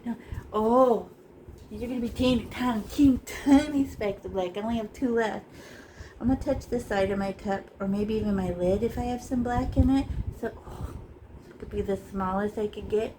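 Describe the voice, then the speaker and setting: A woman's voice: medium pitch, moderate pace, background noise. A woman teaching a casual painting lesson, playful and chatty, tossing in silly sound effects as she works in a small art room.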